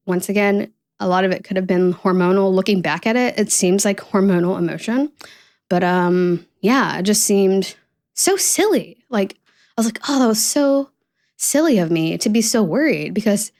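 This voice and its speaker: A woman's voice: mid-range voice, a little mellow. Young female podcast host, casual confessional chat, loose and rambling, many fillers. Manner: candid, rambling, full of fillers.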